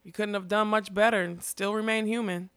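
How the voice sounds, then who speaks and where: A woman voicing a young male magician who speaks hoarsely but keeps his voice level. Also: mid-range voice, steady tone, a little fast, fairly bright tone, dry recording, lightly acted. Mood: desperately calm. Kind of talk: audiobook character reading.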